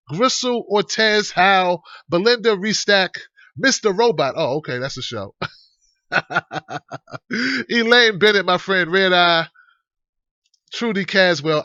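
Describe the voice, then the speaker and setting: A man hosting his online talk show in a casual, rambling way, with animated shout-outs to his viewers. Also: sits high, dry recording. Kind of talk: casual livestream chat. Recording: dull lo-fi stream audio.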